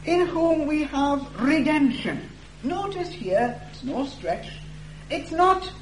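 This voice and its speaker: A man preaching an expository sermon, reading scripture aloud slowly and stressing key words for emphasis. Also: high-pitched. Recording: echoey room with faint hum.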